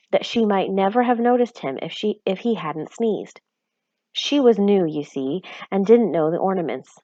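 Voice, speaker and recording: A woman's voice: dark tone, dry recording, lo-fi sound, natural voice. A woman reading aloud and voicing an anxious, fussy tiny mother who talks in a worried, exclaiming way. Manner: worried and exclaiming, raised pitch. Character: anxious fussy tiny mother, middle-aged, sharp-tongued.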